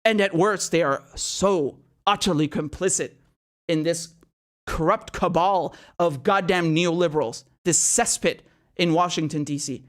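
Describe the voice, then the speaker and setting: Outraged, high-voiced male political ranter. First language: not American. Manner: outraged, swearing, rapid rhetorical questions. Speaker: political commentary host. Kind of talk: ranting political commentary.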